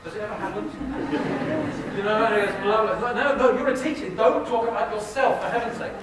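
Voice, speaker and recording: A man's voice: high voice, fairly even intonation, brisk, a loud crowd. Joking Englishman in an echoey hall. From England. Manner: joking, self-mocking, quizzes the audience. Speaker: guest speaker. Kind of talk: live talk to an audience. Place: lecture hall with an audience. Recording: very echoey hall, distant mic, noisy.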